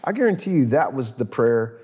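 With a husky voice and a brisk pace, this man, a pastor, narrates a story from scripture in a conversational way. Animated, he performs the biblical characters with large pitch leaps, and the room sounds big.

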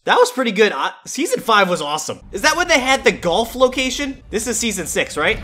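A gaming YouTuber giving excited reaction commentary, chatty and reminiscing, bursting into shouts and exclamations. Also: medium pitch, fairly quick, slightly rough.

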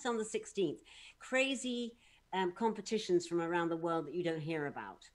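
A woman's voice: fairly low pitch, normal speed. A woman who is a voice artist, talking casually and modestly over a video call. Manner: modest, laughing, proud parent. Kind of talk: casual chat.

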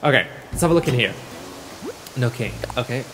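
A man hosting a let's play, commenting in a sweary, animated way. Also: mid-range voice, brisk. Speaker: gaming channel host. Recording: roomy reverb with game music behind.

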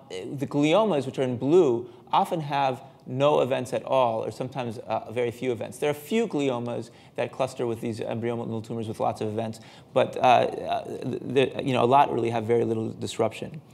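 A man speaks from a podium in a lecture hall, giving a scientific talk in a halting way with many fillers and restarts. His voice sits at a middle pitch with a gravelly edge. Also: a little mellow. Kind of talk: conference talk.

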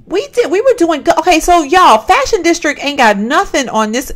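A woman giving animated, exclaiming let's-play commentary and chatting straight to her viewers. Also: very high voice, moderate pace, hardly any pauses. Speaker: gaming channel host.

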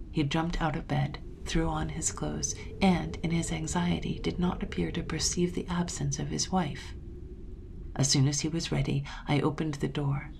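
Woman storyteller, low and gravelly, measured dramatic gothic reading. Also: darkish tone, slight background noise. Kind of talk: scripted narration of a gothic tale.

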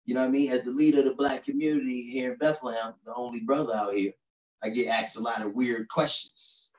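A man's voice: mid-range voice, fairly even intonation, quick pace, a little mellow, far from the mic. Man doing stand-up comedy in an echoey room. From New York City. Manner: conversational, keeps asking "you know what I'm saying". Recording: roomy echo, dull lo-fi sound.

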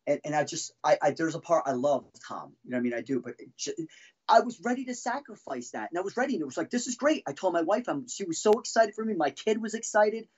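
A man's voice: on the high side, big pitch swings, fast, breathy edge, dull audio. A middle-aged man, a former band drummer, telling heated, profane stories as a podcast guest. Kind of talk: casual storytelling.

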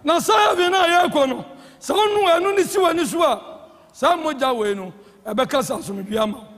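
A man with a Ghanaian accent preaching a sermon as presiding elder, swinging between impassioned shouts and hushed tones. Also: extremely high pitch, lively intonation, a little fast. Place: church hall. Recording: church hall with long reverb.

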